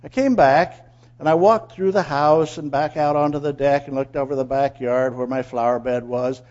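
An animated man telling a moral story, asking his listeners questions and acting out what people said. His voice is fairly high for a man and the recording is dull and lo-fi. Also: fairly quick. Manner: animated, asks listeners questions, acts out quotes. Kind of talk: storytelling sermon.

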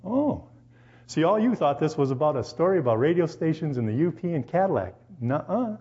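Quick-paced and a little high in pitch, a preacher speaks before his congregation in a church hall. He shares personal stories with animation and fires questions straight at the people listening. The recording's high frequencies are cut off.

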